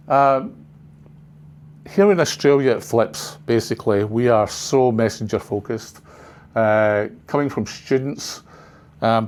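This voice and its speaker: An older man with a medium-pitched, somewhat dark voice gives a casual presentation to a class of trainers in a training room. He rambles and chats, tossing in plenty of side remarks.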